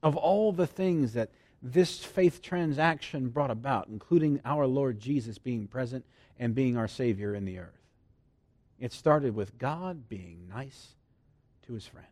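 A man preaching a sermon who swings from loud emphasis to hushed near-whispers and laughs often between points. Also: mid-range voice, unhurried, no room sound.

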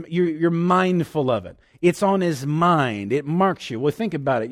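A preacher delivers a sermon in a slightly high voice. He is emphatic, rising to loud declarations and dropping to hushed asides as he acts out the lines he quotes.

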